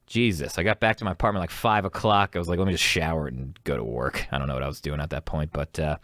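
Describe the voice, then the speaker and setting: A man's voice: very deep voice, fairly even intonation, fast talker, a bit bright, dry recording, studio quality. A young man hosting an advice podcast, telling a rambling, self-mocking story and acting out both sides of an argument. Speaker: podcast host. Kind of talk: casual storytelling monologue.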